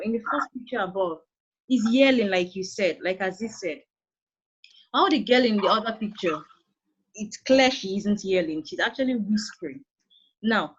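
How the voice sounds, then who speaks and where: A woman's voice: medium pitch, darkish tone, husky. A woman with a Nigerian accent teaching secondary school English over an online call, patient and coaxing as she calls on students by name. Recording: dull lo-fi online call audio.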